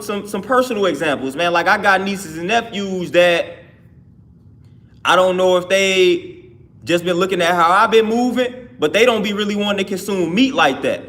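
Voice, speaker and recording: A man's voice: sits high, pushed and bright. A man hosting a livestream, talking casually and loosely with his viewers, often restarting his sentences. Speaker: livestream host. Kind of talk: casual livestream talk answering chat.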